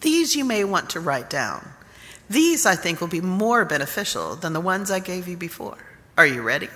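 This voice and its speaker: A woman's voice: lowish voice, sing-song, moderate pace, sharp tone, long reverb tail, pitched below the performer's own voice. A woman preacher voicing a blunt, impatient male therapist who talks in a curt, dismissive way. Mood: brusque. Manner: curt, dismissive, repeats himself.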